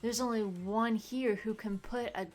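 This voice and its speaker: A woman's voice: a little high, steady tone, unhurried, a little mellow, faint music behind, lightly acted. A woman voicing an earnest young male student who asks pointed questions in a firm, demanding way.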